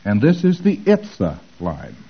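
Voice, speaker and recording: A man's voice: fairly low pitch, wildly swooping pitch, unhurried, creaky, breathy edge, muffled recording. A man giving an informal lecture, animatedly acting out both sides of the dialogues he describes.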